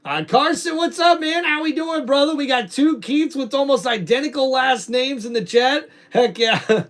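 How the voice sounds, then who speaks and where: An excitable man hosts a live reaction stream, talking straight to his viewers and laughing between comments. His voice sits very high and sounds bright and sharp. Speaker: livestream host. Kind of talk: live wrestling reaction and chat reading.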